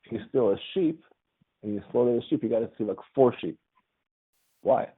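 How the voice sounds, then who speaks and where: A man's voice: medium pitch, expressive, a little fast, breathy edge. A man teaching a religious class in a conversational lecture style, often checking with his students by asking "right?". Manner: quizzes the class with frequent "right?". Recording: tinny phone-like audio.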